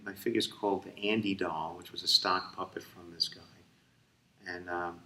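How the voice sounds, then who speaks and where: A man's voice: low voice, normal speed. A middle-aged man, telling a rambling story in a casual interview, tired and full of fillers. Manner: rambling, animated, many fillers and restarts. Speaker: ventriloquist interviewee. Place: convention room. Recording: echoey room, voice from far off.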